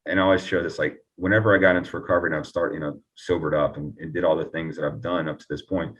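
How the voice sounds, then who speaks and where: A man telling his recovery story earnestly and reflectively as an interview guest, often pausing and restarting. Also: very deep voice, little pitch movement, fairly bright tone, recorded from a distance, highs cut off.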